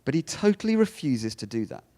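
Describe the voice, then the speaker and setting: A man from the United Kingdom giving a lecture, animated, often restarting his sentences and acting out quoted lines. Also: medium pitch, fairly quick. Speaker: speaker giving a talk.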